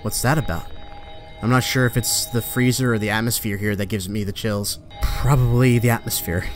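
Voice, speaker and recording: Profane horror gamer yelling at the screen. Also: male voice, fairly low pitch, fairly even intonation, normal speed, soft background music. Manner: profane, talks back at the game, bursts into loud panicked yelps. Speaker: let's play gamer. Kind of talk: horror game commentary.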